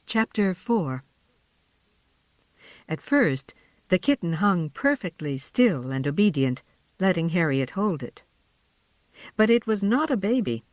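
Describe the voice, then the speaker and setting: A narrator reading a children's storybook aloud in a measured, expressive way, in a slightly dull, dry recording. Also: medium pitch, no echo.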